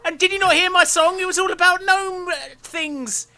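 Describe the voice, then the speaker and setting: A man's voice: extremely high pitch, steady tone, normal speed, pushed and bright, voice pushed up, heavily acted. A man playing a bumbling character posing as a boastful gnome in a tabletop game, blustering and laughing through his words.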